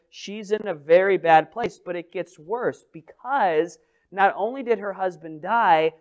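A male pastor delivers a sermon in a high, smooth and clear voice. He talks to the congregation in a conversational, humorous way. He swings between loud, emphatic phrases and quiet asides.

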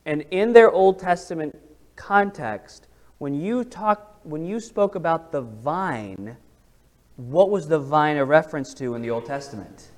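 A man's voice: a little high, animated, unhurried. A man leading an interactive Bible study, talking casually and asking the group questions. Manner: conversational, asks the group questions.

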